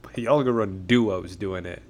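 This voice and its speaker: A man's voice: lowish voice, moderate pace. A young man co-hosting a casual podcast, dry and hesitant, with many fillers. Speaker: podcast co-host. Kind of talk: casual chat.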